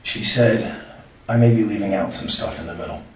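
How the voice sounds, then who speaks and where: Man, interviewee, earnest halting retelling, muffled distant recording, faint hiss. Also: fairly low pitch. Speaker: interviewee recounting a recorded conversation. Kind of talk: spoken account in an interview. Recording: echoey room, far from the mic, muffled.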